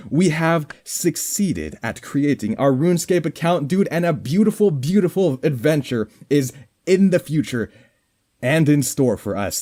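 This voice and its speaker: Goofy young man narrating gameplay, lively pitch. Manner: goofy, mock-formal, rambling jokes. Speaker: gaming commentator. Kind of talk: casual gameplay commentary.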